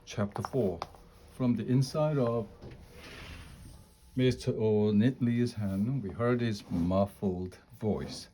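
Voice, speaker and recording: Deep, mellow male storybook reader. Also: takes it slowly, a little hiss or hum. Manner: steady, clear reading aloud. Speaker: storyteller reading children's books aloud. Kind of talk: read-aloud storybook narration.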